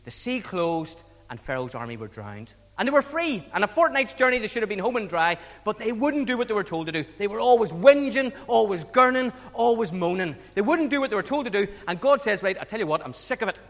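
A man preaching a storytelling sermon to children, colloquial and lively, asking the audience questions as he goes. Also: sits high, fairly quick, few pauses. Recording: long hall reverb.

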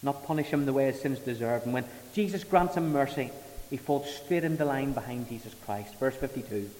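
A man preaching a sermon, emphatic, swelling to loud peaks and falling back soft. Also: mid-range voice, brisk. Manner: emphatic, rising to loud dramatic peaks, then dropping soft. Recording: reverberant hall.

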